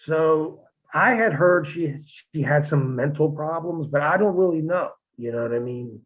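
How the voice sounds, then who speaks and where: A former wrestler on a podcast, talking in a blunt, profane, rambling way with many restarts. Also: male voice, fairly high pitch, lively intonation, moderate pace. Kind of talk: casual podcast chat. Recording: tinny phone-like line.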